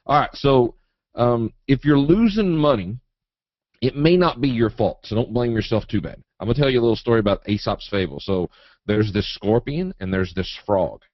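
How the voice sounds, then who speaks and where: A man teaching a live trading webinar in a folksy, animated way, acting out quotes and chart moves. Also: medium pitch, normal speed, no echo. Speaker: trading educator. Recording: dull, dry webinar audio.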